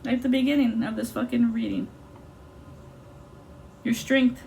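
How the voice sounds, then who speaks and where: A woman's voice: a little high, steady tone, measured pace, creaky, a little mellow, a little hiss or hum. A woman giving an intuitive tarot reading in an intense, blunt and profane way. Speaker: tarot reader.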